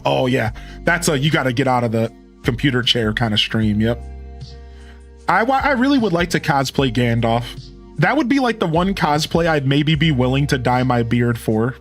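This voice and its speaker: A man's voice: medium pitch, animated, normal speed, soft background music. A man in his thirties rambling casually with his live-stream viewers, chuckling and thanking them by name. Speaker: game streamer.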